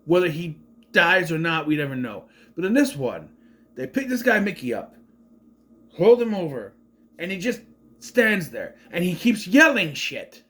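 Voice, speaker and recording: A man delivers an exasperated, casual movie review, swearing freely as he goes. His voice sits high and stays animated, rising and falling a lot. He sounds fed up. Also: a little slow.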